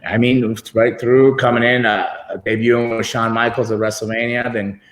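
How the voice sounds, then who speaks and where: A man's voice: mid-range voice, level tone, normal speed. A middle-aged man spinning loose, meandering anecdotes, often breaking into laughter as he goes. He speaks over a computer video call, and his voice carries a roomy echo. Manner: rambling, laughs while telling stories. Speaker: guest wrestler. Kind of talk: casual interview storytelling.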